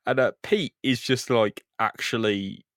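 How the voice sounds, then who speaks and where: A man's voice: mid-range voice, measured pace, fairly bright tone, no room sound. Male podcast co-host, wry crude recap narration, dry close sound. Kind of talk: comic comic-book recap.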